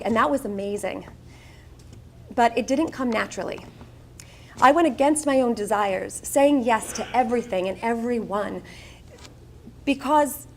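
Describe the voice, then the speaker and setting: A middle-aged woman from Long Island, New York, speaks as a guest at a charity breakfast, telling her life story to an audience in an event room. She's candid and self-mocking, with wry asides, in a voice that sits a little high over faint background noise.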